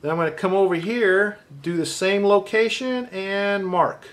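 A man with a slightly higher voice gives a patient, step-by-step drawing lesson. He talks himself through each mark as he works, relaxed and unhurried. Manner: calm, thinking aloud while drawing. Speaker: art teacher.

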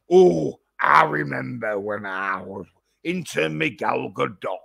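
Slow gravelly guy on a livestream, swearing nonstop and going off. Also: lowish voice, animated, a bit bright. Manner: profane, ranting. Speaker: vlogger. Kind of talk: casual livestream rant.

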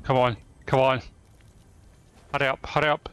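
A man's voice: mid-range voice, flat delivery, moderate pace, fairly bright tone, clear, resonant tone, dry recording. Angry swearing man ranting over gameplay. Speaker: gamer. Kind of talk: gameplay commentary.

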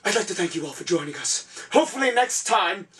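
Shouty, flamboyant high-voiced male host. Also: expressive, brisk, far from the mic. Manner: theatrical, flustered, shouty, self-aggrandizing. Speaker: comedy talk show host character. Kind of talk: over-the-top comedic hosting.

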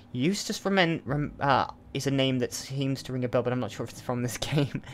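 A man's voice: mid-range voice, expressive, fairly quick, hardly any pauses. A man hosting a let's play, giving chatty, casual commentary and thinking aloud with asides as he plays.

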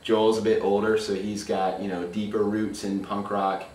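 A man's voice: on the low side, level tone, normal speed, a little mellow. A man who plays guitar and sings, talking casually in a band interview and filling his answers with "you know". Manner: laid-back, lots of "you know". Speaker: guitarist and vocalist. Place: music venue. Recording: echoey room from far off, with ambient noise.

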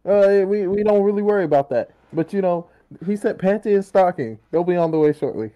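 Young male co-host, high voice, teasing storyteller in casual banter. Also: animated, a little fast, muffled recording. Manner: teasing storyteller, quotes himself. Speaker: podcast co-host. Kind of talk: casual podcast chat.

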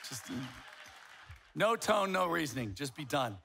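A man's voice: on the high side, sing-song, unhurried, creaky, sharp tone, breathy edge, some chatter behind. A man in his fifties preaching a sermon as a pastor, blunt and emphatic, with wry jokes.

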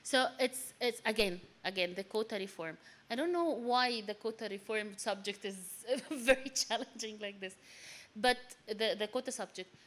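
A woman's voice: on the high side, moderate pace, fairly bright tone. Hesitant woman speaking at a panel. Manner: hesitant, many fillers and restarts, grows emphatic. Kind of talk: panel discussion remarks. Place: seminar room.

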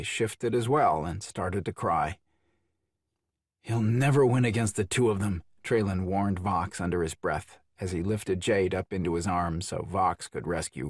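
A man narrating a children's storybook audiobook in an expressive way, with a husky voice. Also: fairly low pitch, no room sound, studio quality. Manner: expressive, voices each character.

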